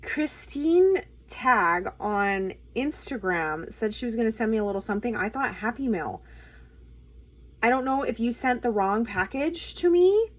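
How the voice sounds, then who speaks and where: A woman hosting a casual crafting unboxing, excited and gushing, with frequent fillers. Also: a little high, normal speed. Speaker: crafting channel host.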